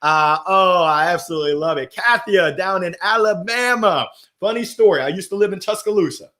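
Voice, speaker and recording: A man hosting a motivational livestream, talking with playful energy and giving shout-outs to viewers. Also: high voice, brisk. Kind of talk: upbeat motivational livestream talk. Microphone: gold microphone.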